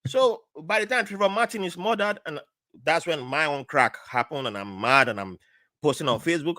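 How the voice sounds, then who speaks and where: A man's voice: a little fast, no room sound, studio quality. A middle-aged man with a Nigerian accent, a podcast guest telling stories in casual conversation and acting out the people he quotes. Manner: animated, acts out quoted voices with big pitch jumps.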